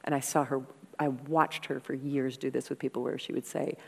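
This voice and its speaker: A woman guest in an interview, telling stories in a frank, animated, conversational way and swearing freely. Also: rumbling low, brisk, gravelly, breathy edge. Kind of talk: candid conversational storytelling. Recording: long hall reverb.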